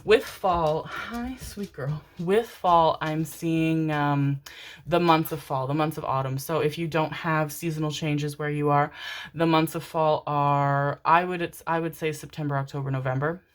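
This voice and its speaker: A woman's voice: low-pitched, fairly even intonation, normal speed. A woman giving a pick-a-card tarot reading, reassuring her listeners with pet names and the odd casual swear word. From Canada. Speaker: tarot reader.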